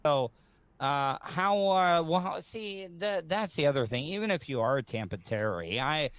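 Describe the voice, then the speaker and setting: A man hosting a podcast interview, speaking in a halting, awkward way with many fillers. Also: a little high, expressive, a bit bright, smooth, no room sound. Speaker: podcast host. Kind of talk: hesitant interview talk.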